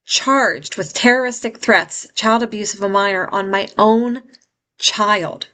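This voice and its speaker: A woman's voice: medium pitch, measured pace, pushed and bright. A middle-aged woman telling a painful personal story as an interview guest, in an earnest, heartfelt way.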